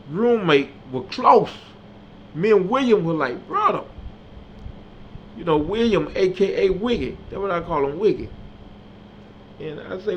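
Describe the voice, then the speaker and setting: Man telling a story, slightly higher voice. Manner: animated, acts out dialogue, builds to loud emphatic peaks. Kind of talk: personal storytelling monologue. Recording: slightly dull audio with faint background hum.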